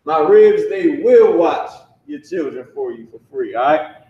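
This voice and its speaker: A slightly high-voiced man leads a casual classroom lesson, speaking in loose slang and repeating each sound slowly for his students. He is recorded from across a very echoey room, and the sound comes through muffled. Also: big pitch swings, mellow, recorded from a distance. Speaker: language teacher. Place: classroom with a whiteboard.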